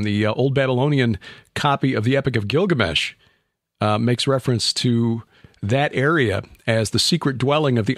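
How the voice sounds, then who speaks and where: A man in a middle pitch hosting a podcast. He builds up long, informed questions before handing over to his guests. His voice is dry and close, with no room sound. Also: no room sound. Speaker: podcast host. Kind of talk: casual podcast discussion.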